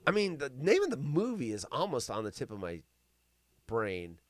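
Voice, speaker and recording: A man's voice: medium pitch, normal speed, dry recording, clean studio sound. A man hosting a live stream, riffing on news stories with wisecracks and swearing. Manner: animated and wisecracking, swears freely. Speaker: livestream host. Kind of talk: casual live-stream commentary.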